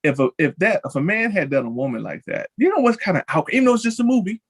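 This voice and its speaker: A man hosting a casual celebrity chat show, talking in an animated way and leaping high in pitch when excited. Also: fast, husky. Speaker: show host.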